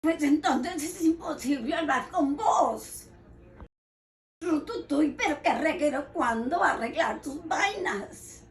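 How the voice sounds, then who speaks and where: A woman with a Colombian accent reads example phrases in a lively, playful way. Her voice is very high and sits far from the mic in an echoey room. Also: measured pace. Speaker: guest. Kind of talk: sample phrase readings.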